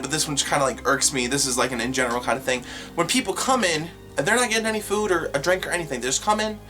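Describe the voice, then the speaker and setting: A young adult vlogger telling workplace stories to camera in an animated, exasperated, sarcastic way. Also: mid-range voice. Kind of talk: storytelling rant to camera.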